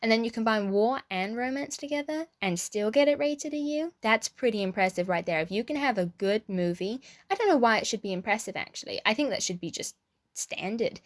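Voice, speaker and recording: A woman's voice: a little high, animated, a little fast. A young British woman chatting casually as a film vlogger, thinking aloud with small restarts and hedges. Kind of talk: casual chat, film review.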